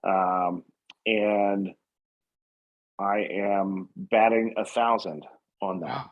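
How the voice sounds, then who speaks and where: A man's voice: fairly low pitch, little pitch movement, extremely slow, lo-fi sound. A man who owns a painting company, talking earnestly in a casual podcast interview, rambling with many fillers and restarts. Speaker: painting company owner, guest.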